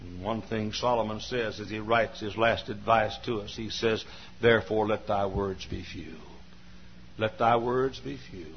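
A male pastor preaching a sermon from a church pulpit, repeating phrases and swinging from hushed tones to shouting. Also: on the low side, steady tone, measured pace, a little hiss or hum. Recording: dull lo-fi sermon recording.

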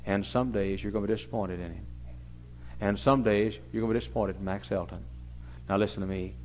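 A middle-aged male pastor preaching a story-driven sermon, swinging from hushed tones to loud exclamations, on a dull lo-fi recording. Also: lowish voice, steady tone, fairly quick, a little hiss or hum.

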